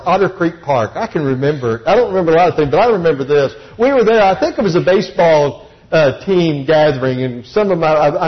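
A middle-aged man preaching a sermon, telling personal stories and moving between soft, low reflection and raised, excited retelling. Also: dull audio. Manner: storytelling, swings from soft and low to high and excited.

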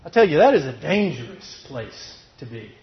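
A man preaches a sermon in a slightly high voice at normal speed, firing off emphatic rhetorical questions and answering them himself before settling into a calmer, gentler tone. The lo-fi recording sounds dull.

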